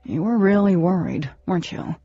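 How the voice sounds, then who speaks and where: Cocky teenage boy in an audiobook, teasing and dismissive, low husky tone, dull recording, read by a woman. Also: moderate pace, dark tone, faint music behind.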